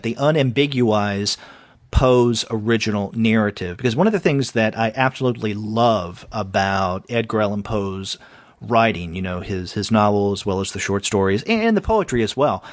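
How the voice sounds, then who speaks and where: A man's voice: fairly low pitch, dry recording. Analytical man on a dry-sounding podcast. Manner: analytical, measured, hesitant fillers. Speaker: podcast co-host. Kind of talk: casual comics review discussion.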